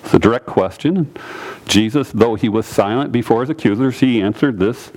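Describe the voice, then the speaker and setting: A man's voice: medium pitch, moderate pace. A man preaching a sermon, teaching through a scripture passage and repeating phrases for emphasis. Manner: animated, repeats phrases, quotes scripture in character.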